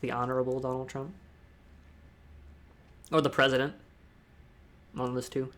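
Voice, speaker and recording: A man's voice: medium pitch, level tone, a little slow, a bit bright. A young man from the United States giving a casual, rambling talk on public speaking, with restarts and asides. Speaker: discord talk host.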